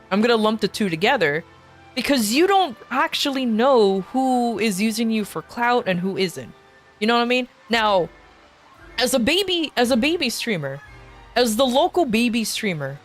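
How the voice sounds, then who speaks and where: A young adult woman streaming games, chatting casually, swearing freely and laughing often. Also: fairly high pitch. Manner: blunt, swears freely, laughs often, mocks others in put-on voices. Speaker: VTuber streamer. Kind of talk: casual gaming stream chat.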